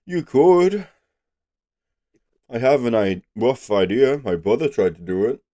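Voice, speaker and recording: A congested man voicing a gruff, surly male hermit who lives in a hollow tree, with a mocking, menacing manner. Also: mid-range voice, sing-song, a little slow, warm tone, lo-fi sound, pitched above the performer's own voice.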